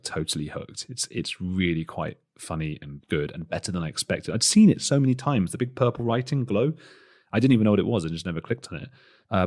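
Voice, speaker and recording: A man's voice: low voice, slightly rough. A man hosting a podcast, giving a chatty, rambling solo introduction with self-deprecating asides. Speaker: podcast host.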